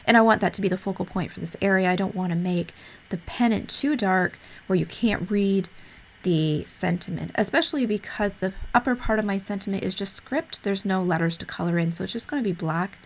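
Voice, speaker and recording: A woman narrating a coloring tutorial in an easygoing, explanatory way, a little hoarse as she is losing her voice. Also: medium pitch, fairly quick. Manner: easygoing, explanatory, with frequent fillers. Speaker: art tutorial host.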